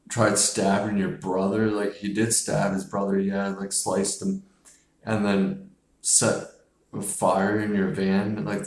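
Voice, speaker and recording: A man's voice: on the low side, echoey room. A man casually reviewing a horror film, rambling, swearing and filling his speech with "like". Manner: rambling, profane, heavy use of "like".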